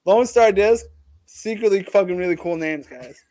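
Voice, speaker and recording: A man spinning a rambling, profane tall tale in loose comedic chat. His voice sits a bit high for a man and sounds close and dry, with no room around it. He piles on hype as he goes. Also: expressive, normal speed, warm tone, no echo. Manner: rambling, profane, hyped storytelling.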